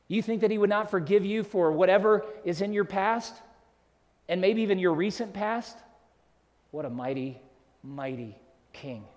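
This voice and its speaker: A man preaching a sermon from the pulpit, his voice sitting a little high for a man. He swings between loud, emphatic declarations and quiet, hushed passages. A long reverb from the large hall trails behind every phrase. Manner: swells loud on key phrases, drops to hushed tones. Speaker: pastor.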